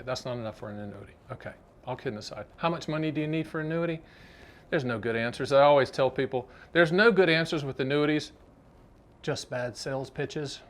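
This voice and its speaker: A man's voice: medium pitch, fairly bright tone. A man, hosting a finance explainer vlog in a chatty, salesy, joking way and talking straight to the viewer. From Southern United States. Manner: jokey, chatty, salesy, addresses the viewer directly. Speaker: annuity advisor and show host. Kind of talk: direct-to-camera explainer vlog.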